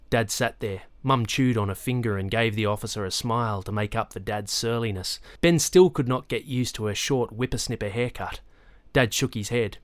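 A lowish-voiced man reads scripted audiobook narration from a novel, keeping his storytelling measured and even. The sound is clean studio quality with no echo.

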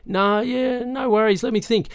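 A man's voice: sits high, fairly even intonation, moderate pace, smooth, no room sound, studio quality, voice pushed up. Man doing a hearty rural Australian cop. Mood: friendly. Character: burly rural male police constable, jovial.

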